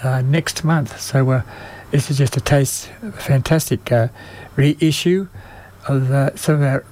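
A man presenting music on the radio, speaking haltingly with many pauses and fillers, and losing his voice. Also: medium pitch, a little mellow, a little hiss or hum. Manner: halting, many ums and uhs. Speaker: radio music show host.

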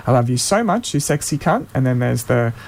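A man hosting a community radio show, casually reading listener shout-outs aloud and stumbling over names now and then. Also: mid-range voice, very animated, fairly quick, a little hiss or hum.

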